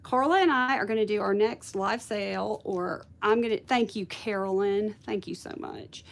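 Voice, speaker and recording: A woman's voice: mid-range voice, moderate pace, creaky. Chatty woman hosting a craft stream. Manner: chatty, thanks viewers, thinks aloud. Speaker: craft video host. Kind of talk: casual livestream chat with viewers.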